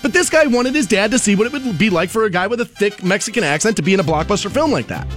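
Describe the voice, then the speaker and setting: A man co-hosting a relaxed talk show, his voice sitting somewhat high. He rambles conversationally through his points, with soft music in the background. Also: fast talker. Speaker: radio show host. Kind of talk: casual talk show chat.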